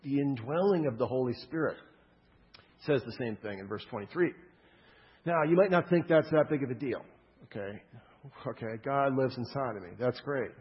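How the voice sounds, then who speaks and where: A man's voice: medium pitch, moderate pace, long pauses. A man preaching a sermon in a loose, conversational way, often checking in with the audience. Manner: casual, energetic preaching with frequent "okay?" check-ins. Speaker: pastor. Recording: dull sound with long hall reverb.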